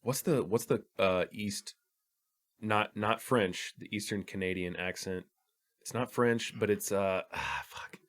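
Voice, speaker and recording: A man's voice: lowish voice, a little slow, fairly bright tone. A young man co-hosting a casual film podcast, laid-back and rambling, swearing and laughing often. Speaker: podcast co-host.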